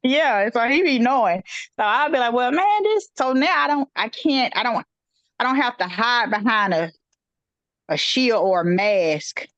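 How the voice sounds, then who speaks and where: Brief: woman, relaxed co-host chat, slightly dull recording. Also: fairly high pitch, a little slow, no echo. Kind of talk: casual chat.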